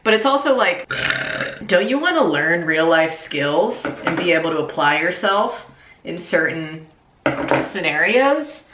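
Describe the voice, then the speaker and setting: A woman's voice: on the low side, expressive, measured pace, echoey room, noisy background. A young woman chatting casually and self-mockingly as she sews, a little tipsy. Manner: chatty, self-mocking, slips into silly voices. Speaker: YouTuber. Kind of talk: casual comedic vlog while sewing and drinking.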